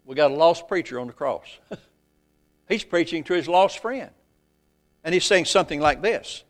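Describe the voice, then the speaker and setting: Man preaching a sermon, kinda high voice, gets loud then drops real quiet, reads old-style scripture. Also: expressive. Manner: swells loud and slows for emphasis, then drops very low and soft.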